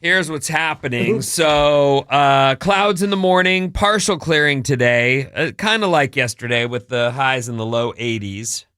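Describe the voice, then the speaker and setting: A man's voice: mid-range voice, unhurried, few pauses, bright, forceful tone, smooth, no room sound, studio quality. A middle-aged man co-hosting a morning radio show, upbeat and teasing, reading ads and news. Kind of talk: casual radio banter and ad reads.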